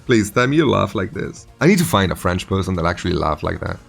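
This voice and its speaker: A man in his forties hosting a casual live stream, animated and teasing, laughing often. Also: sits low, quick pace, vocal fry, slightly rough, soft background music. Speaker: streaming host.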